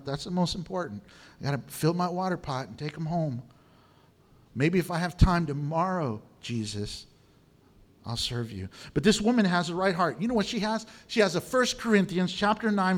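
A middle-aged man preaching a sermon as pastor, lively and humorous, acting out quotes and asides. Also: sits high.

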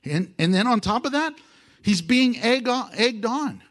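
A male pastor preaching a sermon in an animated, joking way, with playful sound effects. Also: extremely high pitch, unhurried.

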